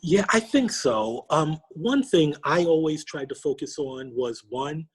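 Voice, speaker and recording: A middle-aged man from New York, a podcast guest, telling a personal story with lively quoted dialogue. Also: on the high side, measured pace, slightly rough. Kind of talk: storytelling interview.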